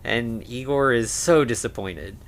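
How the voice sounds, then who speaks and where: A man co-hosting a podcast, casually recapping a film with lots of fillers and quick acted-out lines. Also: mid-range voice. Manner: laid-back, many fillers, acts out lines. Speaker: podcast co-host. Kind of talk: casual movie recap chat.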